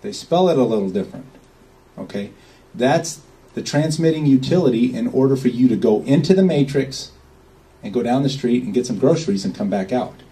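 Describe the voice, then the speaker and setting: A man's voice: mid-range voice, expressive, fairly quick, dark tone, far from the mic, poor audio. A man giving an informal, rambling talk to a small group, often checking in with "okay?". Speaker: speaker at a meeting.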